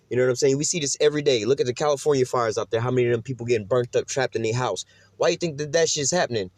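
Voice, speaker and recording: Man, informal preacher, quick talker, profane, conversational, dry close sound. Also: medium pitch, dry recording. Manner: profane, conversational, keeps asking "you know?". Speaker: religious teacher.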